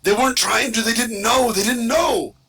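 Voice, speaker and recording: A man's voice: very high-pitched, normal speed, vocal fry, bright, forceful tone, slightly rough, pitched above the performer's own voice, heavily acted. A man voicing a worried man who pleads in the party's defense, repeating himself. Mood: pleading.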